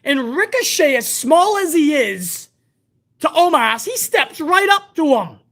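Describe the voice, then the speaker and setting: A woman's voice: sits high, big pitch swings, a little slow, a bit bright. A woman hosting a live wrestling review stream, ranting bluntly and heatedly with plenty of profanity. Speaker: wrestling show host.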